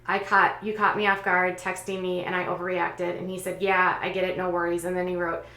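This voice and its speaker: A woman's voice: on the low side, level tone, brisk, bright, forceful tone. Woman recapping online drama in a roomy space. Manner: conversational, recounting with frequent fillers. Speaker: commentary channel host. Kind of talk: reading out and commenting on online posts.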